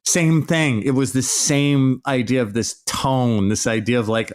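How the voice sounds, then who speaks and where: A man's voice: mid-range voice, unhurried, few pauses. A man hosting a podcast, delivering an exasperated, sarcastic solo rant with plenty of swearing. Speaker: podcast host.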